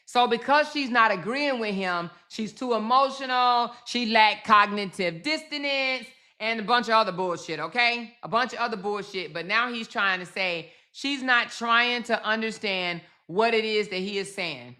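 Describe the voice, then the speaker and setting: A woman's voice: a little high, moderate pace, few pauses, pushed and bright. A woman hosting a reaction commentary, fired up and emphatic, swearing and acting out what others said. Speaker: commentary host.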